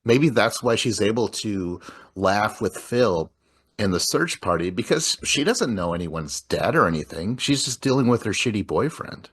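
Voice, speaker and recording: A man with a somewhat low voice talks loosely through a film. He rambles, swears freely and breaks into laughter as he goes. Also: lively intonation, moderate pace, a bit bright, slightly rough. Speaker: podcast host. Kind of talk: casual movie discussion.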